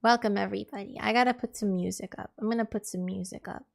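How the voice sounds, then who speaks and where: A woman's voice: medium pitch, fairly even intonation, fast talker, gravelly, a little mellow. A woman streaming live, chatting casually and exasperatedly with her viewers in a rambling way. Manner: exasperated, rambling, talks to chat.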